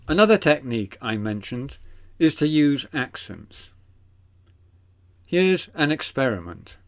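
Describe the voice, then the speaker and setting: A man teaching a video lesson, explaining in a deliberate, clearly enunciated way. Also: mid-range voice, sing-song. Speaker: literature teacher.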